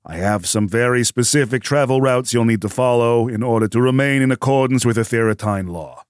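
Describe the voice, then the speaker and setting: A man acting as game master, narrating and speaking as a dry, deadpan clerk in a tabletop game. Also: medium pitch, fairly quick, clean tone, dry recording.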